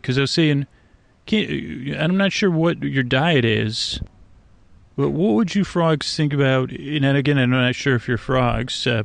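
A man's voice: mid-range voice, creaky, dry recording. A man hosting a sleep podcast from a swamp at night, rambling in a meandering, hesitant way with lots of fillers and restarts and a whimsical, playful tone. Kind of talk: rambling, drowsy monologue outdoors at night.

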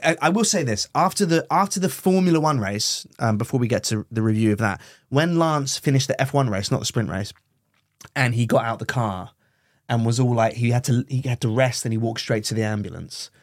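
A man's voice: medium pitch, expressive, a little fast, no room sound, clean studio sound. A man co-hosting a comedy podcast, telling stories in a rambling, giggly way. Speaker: podcast co-host. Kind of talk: comedic casual chat.

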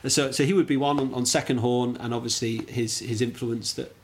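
A man's voice: medium pitch, fairly even intonation, fairly quick, slight background noise. A man from England, a podcast guest chatting casually and self-deprecatingly, with hesitant fillers and easy laughter. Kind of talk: casual interview chat.

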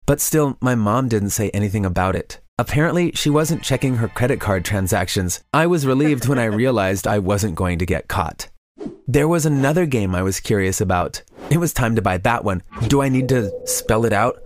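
A man's voice: fairly low pitch, expressive, normal speed. A man narrating a first-person confessional story in a scripted way.

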